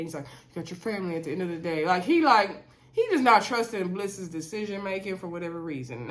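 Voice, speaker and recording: A woman vlogger, recapping a reality show in an opinionated, chatty way with many fillers and asides. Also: lowish voice. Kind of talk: casual recap chat.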